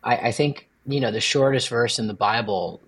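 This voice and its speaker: A man who is a priest co-hosts a faith podcast, speaking at normal speed with a slightly bright voice and a breathy edge. He chats casually and playfully, joking with sudden high-pitched asides.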